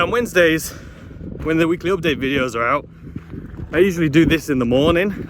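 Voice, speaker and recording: A man vlogging from a windy mountain trail, slightly out of breath, chatty and frustrated. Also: medium pitch. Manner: chatty, frustrated, self-deprecating. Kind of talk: casual vlog narration while hiking. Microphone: phone camera held while walking. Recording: faint wind noise outdoors. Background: wind noise.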